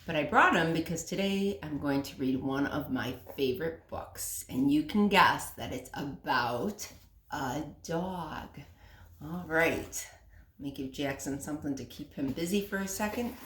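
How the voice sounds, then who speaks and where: A woman teacher reading a picture book aloud to children, gently asking questions and explaining words. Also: low-pitched, expressive, a little slow, reverberant.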